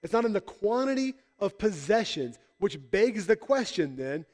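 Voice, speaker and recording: A man's voice: high voice, big pitch swings, moderate pace, darkish tone, long reverb tail. A man preaching a casual sermon as pastor, conversational and joking, acting out voices in the stories he tells. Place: church hall.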